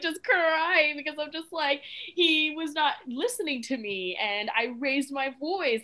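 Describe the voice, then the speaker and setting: A young woman from West Africa, a mother talking as a guest in a casual, expressive interview. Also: mid-range voice, rough recording. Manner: animated and expressive, with frequent "you know what I mean".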